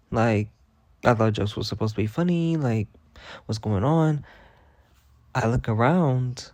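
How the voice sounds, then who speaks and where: A man's voice: medium pitch, takes it slowly, pauses often, dry recording. A young man telling stories in a casual vlog rant, profane and dramatic. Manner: profane, dramatic, animated retelling. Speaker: vlogger.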